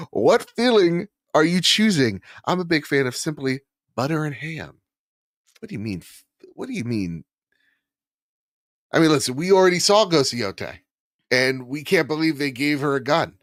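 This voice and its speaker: A man's voice: a little high, lively intonation, moderate pace, pauses often, no echo, studio quality. A man co-hosting a casual gaming podcast, joking around and laughing often. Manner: laughing, joking, tries fake accents. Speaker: podcast co-host.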